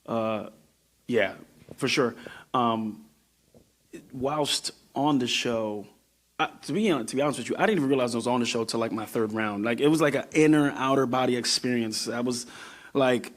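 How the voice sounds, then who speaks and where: A man's voice: medium pitch, normal speed. A man from New York, a guest musician on a podcast, talking reflectively and often trailing off while he searches for words. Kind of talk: casual podcast conversation.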